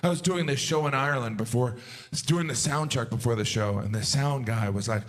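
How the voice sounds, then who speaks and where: A man performing a stand-up comedy routine, self-deprecating, acting out his own disbelief. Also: brisk. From United States. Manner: animated, self-deprecating, jumps to high outraged acted-out voices.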